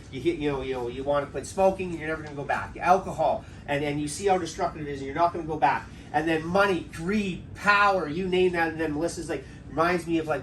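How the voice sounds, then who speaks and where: This pastor's voice runs high and fairly bright as he talks casually with his congregation, pulling answers out of them and checking in with "right?" again and again. The mic is distant, and faint background noise can be heard.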